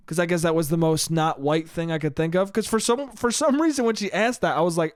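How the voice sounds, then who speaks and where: Young man, solo podcast host, casual rambling monologue, profane, laughs often, somewhat high voice, dry close sound. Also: fairly quick, few pauses, no echo.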